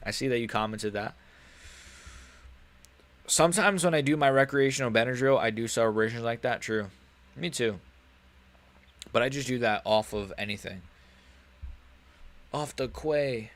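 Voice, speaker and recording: A man hosting a casual live stream of fight reactions. He rambles and jokes in loose slang, at a medium pitch that sits right in the middle of a man's range. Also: moderate pace, long pauses, fairly bright tone.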